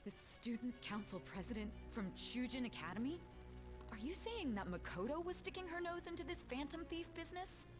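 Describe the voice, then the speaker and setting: An actress playing a cold, distrustful adult woman in a video game, clipped and sharp. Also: high voice, big pitch swings, a little fast. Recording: game audio with music behind.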